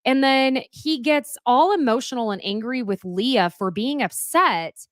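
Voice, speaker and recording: Sassy young woman from oklahoma dishing a recap, pitch bouncing all over, dry close sound. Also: moderate pace, hardly any pauses, dry recording. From Oklahoma, USA. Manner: sassy, animated, swings into quoted voices and hushed asides. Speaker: host. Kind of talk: casual recap chat.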